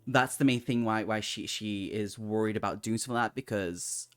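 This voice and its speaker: A man's voice: fairly low pitch, brisk, a bit bright, smooth, no echo, studio quality, faint music behind. A man running a tabletop game as game master, talking casually with hesitant restarts.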